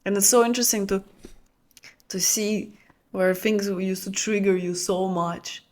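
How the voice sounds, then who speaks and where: A woman whose first language is Russian, giving an intimate teaching talk as a spiritual coach for women. She speaks softly and in a flowing way, searching for words and repeating them, and often drops to a hushed, near-whispered tone. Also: mid-range voice, steady tone, measured pace.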